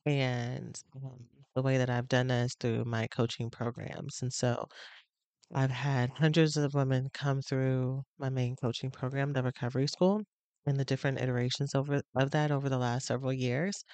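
A woman hosting her own podcast as a love addiction coach, talking casually and with emotion, with pauses as she gathers herself. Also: very deep voice, level tone, darkish tone, dry recording. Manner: emotional, pausing, heartfelt. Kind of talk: casual personal podcast talk. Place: on location on a trip.

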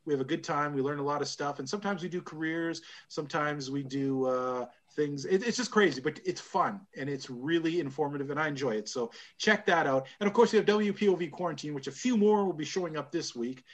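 A man's voice: fairly high pitch, fairly quick, hardly any pauses. A man hosting a casual wrestling podcast, rambling and laughing often. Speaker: podcast host. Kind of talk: casual chat.

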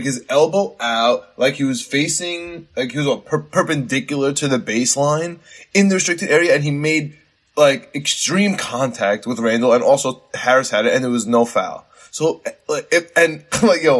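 A man co-hosts a sports podcast in loose, rambling talk, often restarting his sentences. His voice sits in an ordinary middle pitch. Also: husky. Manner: rambling, halting, frequent restarts and laughs. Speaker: podcast co-host. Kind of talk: casual sports podcast chat.

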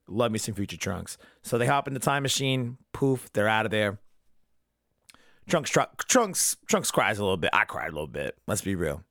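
A man's voice: fairly low pitch, a bit bright, no echo, studio quality. A young man hosting a podcast, giving a casual, profanity-laced, enthusiastic fan recap of a cartoon episode. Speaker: podcast host.

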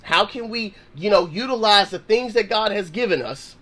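A man's voice: high-pitched, lively intonation, moderate pace, pushed and bright. A man hosting a Christian podcast, teaching in a slangy, conversational way and acting out sample prayers. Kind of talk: casual Bible teaching.

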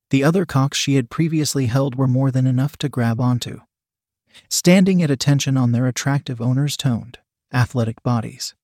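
A man reading an erotic story aloud in an even, measured way. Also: medium pitch, breathy edge, no echo, clean studio sound. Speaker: narrator.

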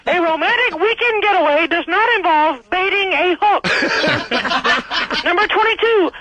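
A man doing a teasing radio comedy bit, deadpan and chuckling at his own jokes. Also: very high-pitched, a little slow, noisy background.

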